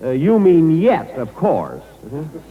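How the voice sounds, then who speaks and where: A man's voice: on the high side, huge pitch swings, slow. Fussy man hosting a 1940s radio comedy. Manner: hesitant, exasperated, with many "uh"s. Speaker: comedian host. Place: live show before troops in a hall. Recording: old radio broadcast from a hall, muffled, hissy.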